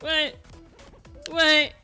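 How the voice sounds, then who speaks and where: A young woman streaming a kart racing game while tipsy, giggling, shouting and rambling with silly sound effects. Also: high-pitched, completely flat delivery, drawn-out words. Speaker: gaming streamer. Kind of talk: drunk livestream commentary. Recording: loud game music behind.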